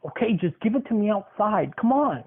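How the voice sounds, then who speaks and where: A man's voice: sits high, big pitch swings, brisk, pitched above the performer's own voice, full character voice. A man voicing a pushy adult male stranger who asks for money and acts indignant. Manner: indignant, pressuring. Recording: tinny phone-like sound.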